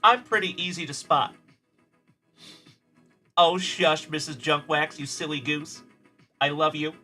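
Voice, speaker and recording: A man's voice: on the high side, fairly even intonation, unhurried, sharp tone, soft background music. A man hosting a card-breaking livestream, chatting in a friendly, upbeat way with viewers and calling them buddy and brother. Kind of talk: live stream chat, reading viewer comments.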